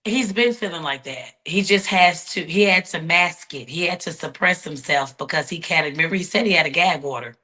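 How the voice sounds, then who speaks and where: A woman being interviewed speaks in a bright, sharp voice. She is blunt and defiant, tells her story in quick bursts and restarts mid-thought. She sounds unapologetic and outspoken. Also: on the low side. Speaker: interview guest. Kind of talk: heated interview talk.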